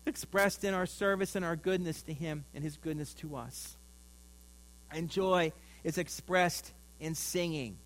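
A male pastor preaching a sermon, swinging between loud emphasis and quiet asides. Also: fairly high pitch, unhurried. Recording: mains hum.

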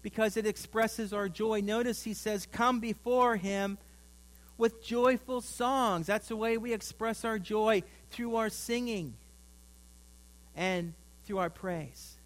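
A male pastor preaching a sermon, swinging between loud emphasis and quiet asides. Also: high-pitched, fairly even intonation, slow pace. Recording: mains hum.

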